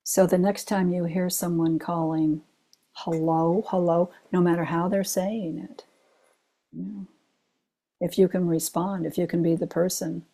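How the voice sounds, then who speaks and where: An older woman, a retired chaplain, giving a Zen dharma talk full of personal stories, told in an unhurried way with gentle laughs. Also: fairly low pitch, level tone, creaky.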